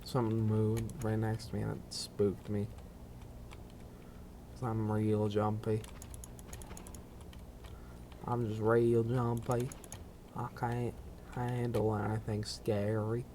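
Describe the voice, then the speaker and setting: A man's voice: fairly low pitch, monotone, slow pace, pauses often, dark tone, slight background noise. A man streaming a video game, rambling through casual commentary with self-mocking asides.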